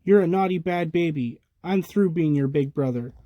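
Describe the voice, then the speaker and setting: A man's voice: on the high side, moderate pace, no echo, dull audio, voice pushed up, lightly acted. A man doing a determined little toddler boy. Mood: angry. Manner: earnest, insistent. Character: brave determined baby boy leader.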